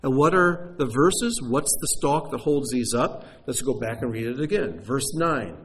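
Man, preacher, sermon, lively swinging pitch, emphatic, repeats points, asks questions. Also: moderate pace, few pauses, breathy edge.

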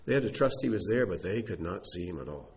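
A man's voice: low voice, lively intonation, fast, a little mellow. A man preaching a sermon who tells stories with emphasis and asks rhetorical questions.

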